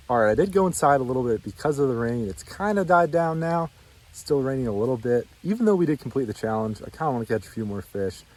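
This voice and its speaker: A man hosting a fishing vlog, chatting casually outdoors by a mountain pond and getting excited over each catch. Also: medium pitch, slight background noise. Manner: chatty, excited when hooking fish. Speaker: fishing channel host.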